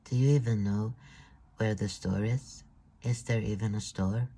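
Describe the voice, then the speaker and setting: A man's voice: fairly low pitch, fairly even intonation, unhurried, dark tone. A man voicing a worried teenage girl, the older sister, in an audiobook reading.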